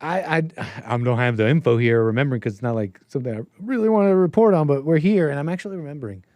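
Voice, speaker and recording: Guy rambling on his politics stream, laughing, thinking out loud, dry mic. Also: on the high side, quick pace, dry recording. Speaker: host. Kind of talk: casual political commentary stream.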